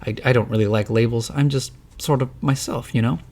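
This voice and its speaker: A man's voice: medium pitch, fairly even intonation, fairly quick, a little mellow, lightly acted. A man voicing a nervous teenage boy who talks hesitantly and stammers.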